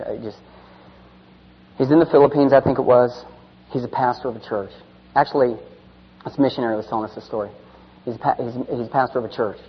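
A man preaching a sermon, swinging from loud, urgent delivery to hushed, near-whispered storytelling, then calling listeners forward. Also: medium pitch, slightly rough. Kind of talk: sermon with altar call. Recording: dull reverberant hall sound.

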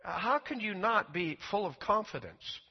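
Male pastor, high husky voice, emphatic sermon delivery, muffled lo-fi recording. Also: very animated, moderate pace. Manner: preaching with rising volume and emphatic peaks. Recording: dull lo-fi recording.

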